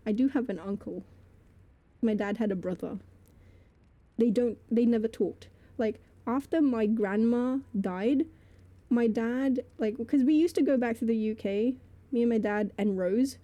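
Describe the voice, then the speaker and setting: A woman's voice: fairly high pitch, unhurried, dull audio. A woman streamer telling a story to her live chat, rambling with lots of fillers and laughing between phrases.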